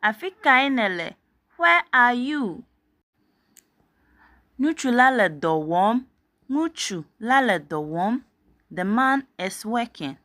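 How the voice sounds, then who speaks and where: A woman's voice: fairly high pitch, expressive, takes it slowly, pauses often, pushed and bright, no echo, studio quality. A woman teaching a language, saying each short phrase twice and then giving its meaning. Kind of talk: slow phrase-by-phrase language drill.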